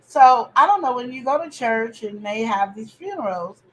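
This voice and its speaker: A woman hosting a family podcast chat, talking in an animated, opinionated way with preachy outbursts. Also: a little high, normal speed, slight background noise, poor audio. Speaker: podcast host.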